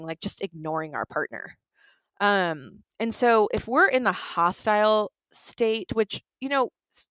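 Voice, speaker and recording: A woman's voice: mid-range voice, dry recording. Dry, close woman explaining relationships. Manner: animated, acts out quoted lines. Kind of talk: conversational explaining.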